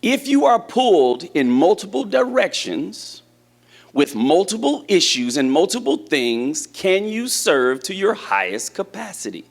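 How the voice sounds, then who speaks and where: A man preaches to his congregation in a loose, conversational way, often putting questions to the room. His voice sits a little high for a man, and it swings up and down with animation. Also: very animated, a little slow, creaky. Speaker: church teacher. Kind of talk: sermon to a congregation. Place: church hall with a congregation.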